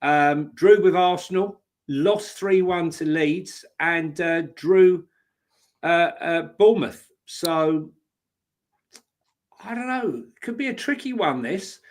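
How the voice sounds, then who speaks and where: A man co-hosting a relaxed football podcast, with a slightly raised pitch for a man. He works through his opinions steadily and fills the pauses with ums. His chat is calm and conversational. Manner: measured, thinking aloud with fillers. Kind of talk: casual chat.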